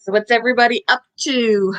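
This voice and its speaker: A woman's voice: a little high, steady tone, a little fast, a bit bright. A woman hosting a casual livestream from home, rambling and chatting while she climbs stairs, out of breath and now and then coughing. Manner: chatty, rambling, talks to her dog. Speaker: livestream host.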